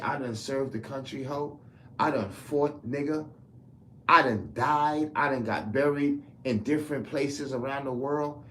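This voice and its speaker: A man's voice: medium pitch, a little hiss or hum. A man ranting heatedly to camera, profane and rambling. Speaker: commentator. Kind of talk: political rant to camera.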